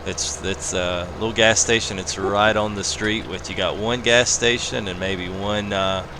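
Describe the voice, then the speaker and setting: A man's voice: on the low side, fairly even intonation, a little slow. A man hosting a live game stream, chatting casually and joking while reading out chat comments. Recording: loud game engine noise behind.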